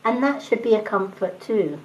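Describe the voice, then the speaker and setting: A middle-aged woman giving a gentle, chatty spiritual talk to viewers on a live stream. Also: medium pitch, expressive, normal speed, noisy background. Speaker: tarot reader on a live stream.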